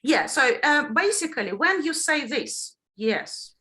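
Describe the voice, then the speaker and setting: Lively bright-voiced woman teacher. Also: high voice, moderate pace. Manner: lively, demonstrates intonation with questions to the class. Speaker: teacher trainer. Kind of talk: online teacher-training lesson.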